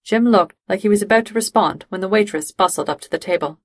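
A woman reads a story aloud at a steady, measured pace, her pitch sitting in a middle range. The recording is dry and close, with no room sound at all. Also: dry recording. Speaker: reader. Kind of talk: reading fan fiction aloud.

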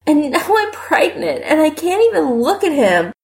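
A woman's voice: sits high, moderate pace, gravelly, pitched above the performer's own voice, heavily acted. A woman voicing a glum, weary young man. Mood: upset. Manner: flat, subdued, terse. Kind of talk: audiobook character voice.

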